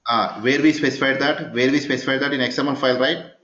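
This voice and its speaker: A man's voice: mid-range voice, steady tone, quick pace, a bit bright, slight background noise. A man teaching a live coding lecture, constantly checking in with his students by asking yes-or-no questions. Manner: keeps quizzing the class, asking 'yes or no?'. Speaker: programming instructor. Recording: echoey, dull recording of a class session.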